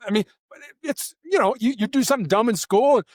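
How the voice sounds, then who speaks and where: A man, a former SWAT officer, answering interview questions in an animated storytelling way and acting out quoted lines in voices. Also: extremely high pitch, fast, no room sound, clean studio sound.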